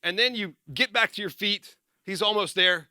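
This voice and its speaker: A man giving a casual motivational talk to an audience, energetic and rambling, often correcting himself and laughing at his own slips. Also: sits high, normal speed, dry recording, studio quality. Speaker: former military speaker and success coach.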